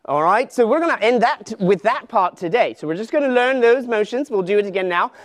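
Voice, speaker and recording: High lively guy leading kids church lesson, super energetic, coaxing kids thru motions. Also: brisk. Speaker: children's ministry leader. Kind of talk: kids' Bible lesson with motions.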